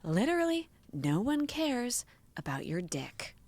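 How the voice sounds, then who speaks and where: A woman reading a novel aloud, voicing a flustered young woman caretaker who turns bossy and exasperated in shrill, rising outbursts. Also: very animated, unhurried.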